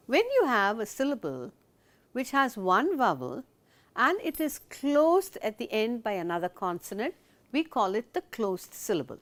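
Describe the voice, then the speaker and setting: A woman teacher leads a recorded lesson in a raised, bright-toned voice that rises and falls a great deal. She explains step by step, asks her viewers questions, and then answers them herself. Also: fairly high pitch, very animated, normal speed.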